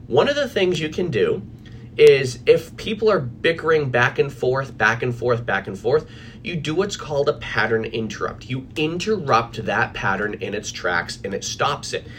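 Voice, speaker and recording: A man's voice: medium pitch, expressive, normal speed, a bit bright, a little hiss or hum. A man coaching on anxiety, talking casually and animatedly to viewers from his office, with fillers and restarts. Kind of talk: casual live video chat.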